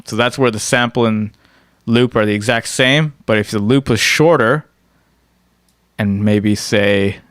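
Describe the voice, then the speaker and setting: A man's voice: on the low side, unhurried, fairly bright tone, smooth, no echo. A man giving a casual screen-recorded music production tutorial. He explains step by step and often checks in with "right?".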